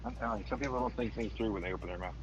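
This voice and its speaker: A man's voice: fairly low pitch, very fast, muffled recording, background noise. A man in a casual chat, telling stories and making comments in a dry, blunt way.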